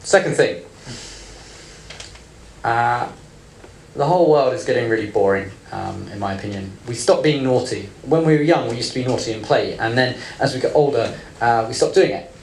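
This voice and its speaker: A man's voice: medium pitch, moderate pace, darkish tone. A man in his thirties giving a live panel talk, blunt and playful, swearing freely. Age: 30s. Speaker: panel speaker. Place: event room with audience. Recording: echoey room, faint ambience.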